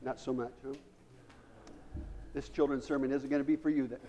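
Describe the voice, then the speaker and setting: A man's voice: mid-range voice, level tone, a little fast, warm tone, lo-fi sound, slight background noise. A man giving a children's sermon as pastor, playful and chatty, asking the children questions in a church sanctuary. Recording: long church reverb.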